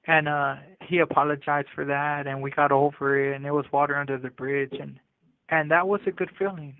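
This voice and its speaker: A man's voice: fairly high pitch, fairly even intonation, fairly quick, slight background noise. A man telling a story from his own life in casual street slang, often restarting his sentences, heard over a phone call. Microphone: prison phone. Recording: tinny dry phone line.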